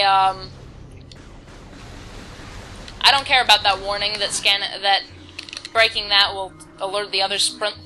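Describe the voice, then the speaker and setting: Woman, let's-play commentary, bright tone, rambling and self-mocking, faint game music behind. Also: medium pitch, rough recording. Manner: rambling, self-deprecating, reads game text aloud. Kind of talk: casual gameplay commentary.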